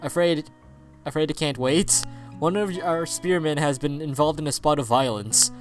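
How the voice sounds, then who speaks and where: A man's voice: a little high, normal speed, soft background music, natural voice. A man reading as a grim soldier with a report. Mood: grave. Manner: plain, matter-of-fact reading of on-screen dialogue.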